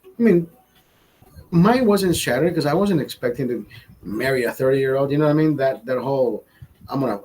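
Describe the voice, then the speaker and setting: Podcast host, 40s, male, husky, profane storyteller who mimics the people in his story. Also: mid-range voice, low-quality recording. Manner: profane, animated, acts out quoted voices. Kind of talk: crude storytelling monologue. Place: studio.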